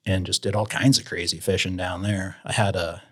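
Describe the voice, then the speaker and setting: A man telling fishing stories as a podcast guest in a casual, animated way, raising his voice to act out the people he quotes. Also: deep voice, fairly quick. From Idaho, USA. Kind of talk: casual storytelling in an interview.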